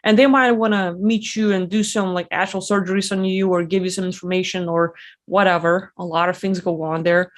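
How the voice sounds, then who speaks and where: A woman's voice: on the low side, fairly even intonation, brisk. Woman rambling through reaction commentary. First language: not English. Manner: rambling, many fillers and restarts. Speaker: reaction video host. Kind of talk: casual commentary.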